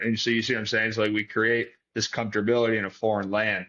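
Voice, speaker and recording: Bright-voiced man musing philosophically. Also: fairly low pitch, little pitch movement, fast talker, few pauses, dull audio. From Detroit, Michigan. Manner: philosophical, thinks aloud with restarts. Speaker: guest, performance coach. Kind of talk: reflective podcast conversation.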